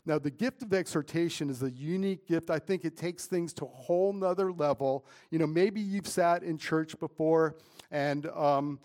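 A man's voice: a little high, normal speed, darkish tone. A middle-aged man preaching a sermon in a casual, conversational way, often saying "man" and "right?". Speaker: pastor.

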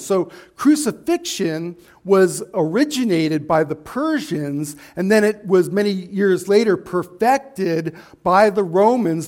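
A man preaching a sermon to a congregation, building to emphatic outbursts and slowing for weight. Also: high-pitched, darkish tone. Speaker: pastor. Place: church hall with a slide screen.

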